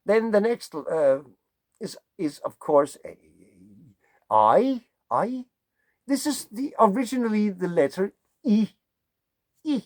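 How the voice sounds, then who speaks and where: A man's voice: high-pitched, big pitch swings, takes it slowly, long pauses, no room sound. A man from Denmark with a Danish accent, a songwriter musing in a rambling, digressive way and playing with vowel sounds. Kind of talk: casual musing monologue.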